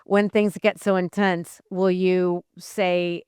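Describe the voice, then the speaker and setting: A woman hosting an interview, chatty with animated asides. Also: lowish voice, slow pace, smooth, no echo, studio quality. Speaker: host. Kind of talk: interview conversation.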